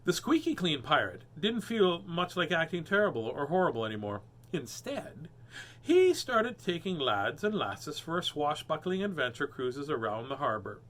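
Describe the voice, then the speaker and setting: A man hosting a storybook reading, animated and cracking puns between pages. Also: on the high side, moderate pace. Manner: animated, punning and joking. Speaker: host reading children's books. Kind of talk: storybook read-aloud with joking asides.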